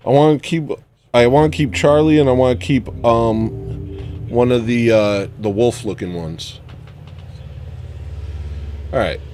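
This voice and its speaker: Excitable man hosting a home livestream. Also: mid-range voice, a little slow, long pauses, soft background music. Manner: excitable, coos at newborn puppies. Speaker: livestream host. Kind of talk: casual livestream chat. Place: home with dogs.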